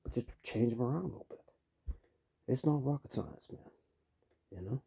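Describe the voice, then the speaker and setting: A man in his fifties talks in a loose, rambling rant, full of "you know" and "man". His low voice is gravelly and husky, with a very dark, mellow tone. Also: animated, moderate pace. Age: 50s. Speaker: vlogger. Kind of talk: casual rant to camera.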